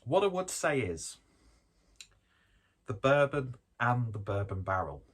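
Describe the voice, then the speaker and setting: A man with a medium-pitched, sing-song, slightly rough voice takes his time reviewing a beer. The tasting chat is casual and rambling, with self-deprecating jokes and the occasional swear.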